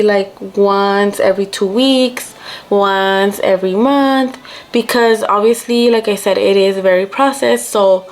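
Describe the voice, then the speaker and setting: A woman's voice: medium pitch, a little hiss or hum. A young woman vlogger from Mexico telling a story casually while getting ready, chatty and mixing in Spanish. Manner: chatty, switches between English and Spanish.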